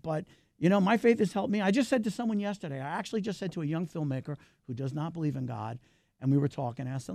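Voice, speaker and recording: A middle-aged man in a casual interview, chatting animatedly about his work. His voice sits a little high for a man and carries a gravelly edge. The sound is close and dry. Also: fast talker, dry recording. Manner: animated, talkative, wide pitch swings. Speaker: filmmaker, guest.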